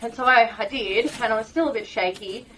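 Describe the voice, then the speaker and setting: A woman from Australia with an Australian accent, a podcast guest recounting a story in animated, emotional detail and laughing often. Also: a little high, fairly quick, slight background noise, rough recording. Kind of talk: casual storytelling.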